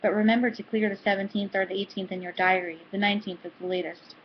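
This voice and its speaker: A woman's voice: medium pitch, fairly even intonation, quick pace, slight background noise, close to an everyday voice. Tired wife, matter of fact , read by a woman, mid voice, dull lo-fi sound. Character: tired wife planning fertility treatment, quiet.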